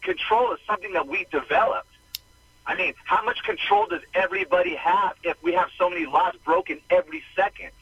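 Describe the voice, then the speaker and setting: A man's voice: high-pitched, sing-song, fairly quick, creaky, fairly bright tone, slight background noise. A man calling in to a talk radio show, earnestly arguing his point. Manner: earnest, argumentative. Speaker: caller. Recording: distant, muffled phone line.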